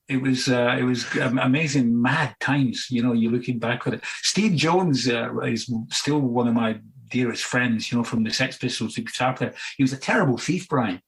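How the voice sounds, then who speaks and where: A man's voice: mid-range voice, normal speed, few pauses, a little hiss or hum, rough recording. A Scottish man in his sixties, a musician guest in a casual interview, telling rambling anecdotes full of fillers and asides.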